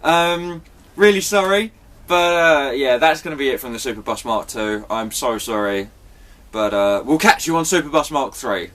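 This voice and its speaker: A man's voice: medium pitch, normal speed, a bit bright. A man giving a rambling, apologetic vlog update, chatty and swearing now and then. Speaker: vlogger.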